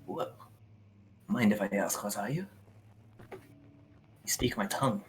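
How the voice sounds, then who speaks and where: A man voicing a starving, wary male goblin trapped in catacombs, speaking in a hushed, begrudging way. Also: lowish voice, unhurried, a little hiss or hum, lightly acted.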